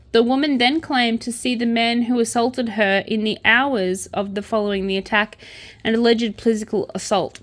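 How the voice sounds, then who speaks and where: A young adult woman with an Australian accent, reading crime news aloud and breaking off for sarcastic asides. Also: mid-range voice. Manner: sarcastic asides between read-out news items.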